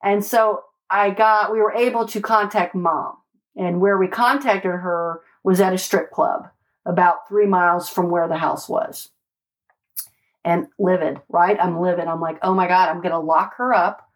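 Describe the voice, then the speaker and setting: Animated woman detective telling stories. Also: lowish voice, unhurried. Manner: animated, emphatic, swears, peppers speech with "right?" and "like". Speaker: homicide detective and former street officer. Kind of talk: casual storytelling in conversation.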